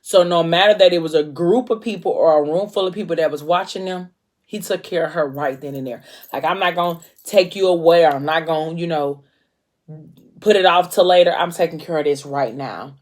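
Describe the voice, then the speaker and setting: Low-pitched woman, chatty book-recap host who slips into the characters' lines. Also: a little fast, a little mellow. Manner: chatty retelling with many fillers, briefly acting out characters' lines. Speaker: book vlogger recapping a novel.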